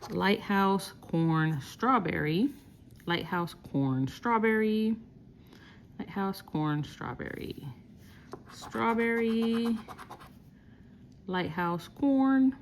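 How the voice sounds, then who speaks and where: A woman hosting a casual vlog, reading out scratch-off symbols slowly one by one. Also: mid-range voice, expressive, slight background noise. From Texas. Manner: slow, reads out symbols one by one while scratching. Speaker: lottery scratch-off vlogger.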